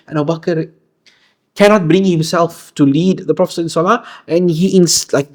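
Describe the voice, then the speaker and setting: Male religious teacher, slightly high voice, earnest storyteller who stumbles and restarts often. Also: fairly even intonation, normal speed, a little mellow. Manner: earnest, frequent restarts and fillers. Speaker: Islamic teacher. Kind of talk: lecture storytelling.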